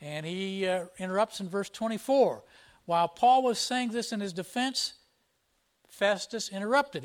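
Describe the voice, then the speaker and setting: A man's voice: sits high, lively intonation, moderate pace. A man preaching a verse-by-verse sermon, explaining scripture in a plain teaching tone and reading passages aloud with emphasis. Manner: emphatic, reads scripture aloud with rising force. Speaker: pastor. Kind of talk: expository sermon.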